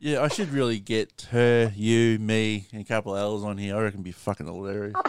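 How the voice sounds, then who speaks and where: A man's voice: fairly low pitch, steady tone, brisk, a little mellow, clear, resonant tone. An Australian man hosting a live stream, chatting casually with callers and swearing freely.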